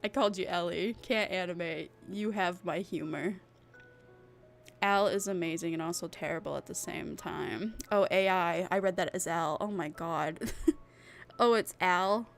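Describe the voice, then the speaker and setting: A woman's voice: fairly low pitch, creaky, soft background music. A woman streaming as a VTuber, chatting casually with her live chat in a rambling, giggly way. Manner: giggly, rambling, drawn-out talk.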